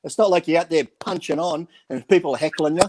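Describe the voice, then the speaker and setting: A man's voice: a little high, fast talker, background noise. A man on a podcast, a former bodybuilder, telling rambling backstage stories, swearing freely and acting out what others said. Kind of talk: casual chat, storytelling.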